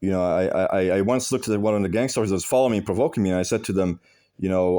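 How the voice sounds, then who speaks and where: Speaking low, quick and mellow, this man hosts a video offering advice. He talks straight to the viewer, blunt and emphatic, cursing freely and repeating phrases for emphasis.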